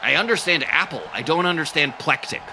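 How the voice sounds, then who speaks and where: A man's voice: on the high side, fairly quick, noisy background. A man doing goofy play-by-play wrestling commentary, cracking silly jokes between calls. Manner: goofy, silly jokes, bursts into excited shouting.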